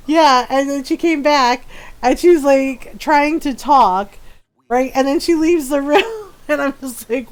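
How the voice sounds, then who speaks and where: Animated, giggly woman streamer. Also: sits high, takes it slowly. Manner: animated storytelling, giggly, quoting people in lively voices. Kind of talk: casual gameplay stream chat.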